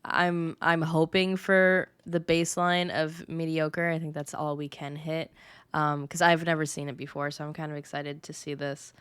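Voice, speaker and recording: Young woman podcast co-host, low smooth voice, stuffy from a cold, dry close mic. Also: little pitch movement, moderate pace, fairly bright tone, dry recording. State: congested from a cold. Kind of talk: casual chat.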